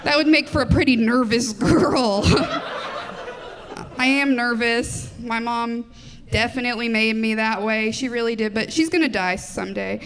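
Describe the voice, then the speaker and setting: A woman in her twenties doing a live stand-up set on a comedy club stage. She talks quickly, with a self-deprecating tone, giggles often, and chats with the audience through a handheld mic. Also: a little high. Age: 20s.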